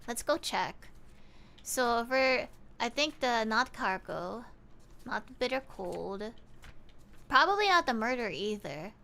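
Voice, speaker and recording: A high, bright-voiced woman streams a game, thinking aloud and chatting with her viewers. Her pitch swings widely as she talks. Faint game music plays behind her. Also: lively intonation, slow, vocal fry. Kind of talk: casual gaming stream chat.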